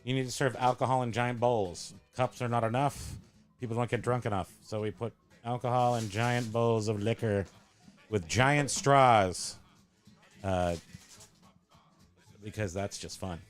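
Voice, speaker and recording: A man hosts a loose, casual talk show, rambling through jokes and quick self-corrections. His voice sits at an ordinary middle pitch, with faint music in the background. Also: fairly even intonation. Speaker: host. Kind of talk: casual show-and-tell chat.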